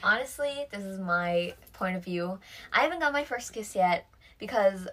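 A woman's voice: medium pitch, animated, normal speed, fairly bright tone. Laid-back teen girl, hesitant. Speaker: podcast co-host. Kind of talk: casual chat.

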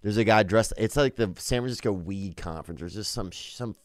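A man with a lowish voice tells wild road stories from the comedy stage, swearing freely and tossing in "bro" and "dude." The sound is dry and close, with no room around it. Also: fairly quick, no echo. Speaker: stand-up comedian. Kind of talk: casual podcast storytelling.

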